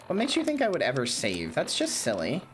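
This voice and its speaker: A young woman streamer giving joking, animated gameplay commentary and bantering with her chat. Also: deep voice, a little fast, slight background noise.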